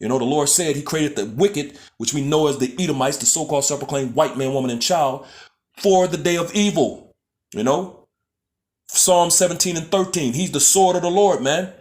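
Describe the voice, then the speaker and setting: Guy preaching scripture real casual, fairly high voice, lots of "man" and restarts. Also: moderate pace, darkish tone. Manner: casual, keeps saying "man" and "you know what I'm saying"; restarts and stumbles over words. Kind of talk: street-style scripture teaching.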